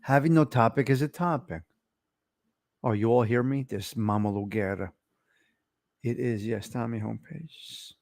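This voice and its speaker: A man's voice: medium pitch, a little mellow, no echo. Chatty man, close dry mic. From Italian-American, from New Jersey. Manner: chatty, asks viewers about his mic sound. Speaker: livestream host. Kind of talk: casual chat reading live comments. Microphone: close desk microphone.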